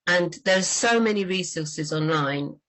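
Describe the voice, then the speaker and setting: A woman book doctor talking in a lively, chatty way on a livestream about writing crime fiction. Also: on the low side, unhurried, rough recording.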